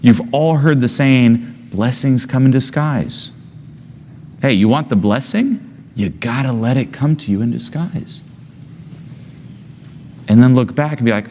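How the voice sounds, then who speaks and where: A man's voice: mid-range voice, measured pace, pauses often, darkish tone, a little hiss or hum. A young man coaching a group, blunt and emphatic, swearing freely and firing rhetorical questions. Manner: asks many rhetorical questions. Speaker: self-help coach. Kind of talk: coaching session.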